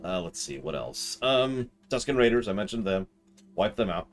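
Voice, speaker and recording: Male streamer, deep and gravelly, swings his pitch widely, jokey commentary. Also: moderate pace, faint music behind. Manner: jokey, excitable, with mock disbelief. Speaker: streamer playing a video game. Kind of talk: casual live-stream commentary.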